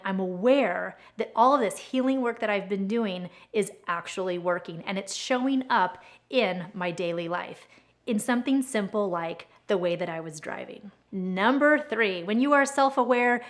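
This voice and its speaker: Earnest woman giving a self-help talk. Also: mid-range voice. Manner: earnest, encouraging, reflective.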